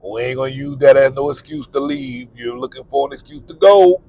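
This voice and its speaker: A man's voice: mid-range voice, very animated, fairly quick, vocal fry, warm tone, lo-fi sound. A middle-aged man gives candid, repetitive, plain-spoken advice about living abroad while he drives. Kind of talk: casual advice monologue while driving. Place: in a car.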